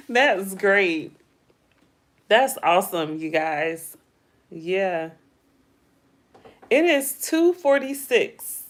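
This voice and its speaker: A middle-aged woman hosting a casual livestream, chatting with viewers, asking them lots of questions in a playful, drawn-out way. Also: medium pitch, sing-song. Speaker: livestream host. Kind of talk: casual livestream chat reading viewer comments.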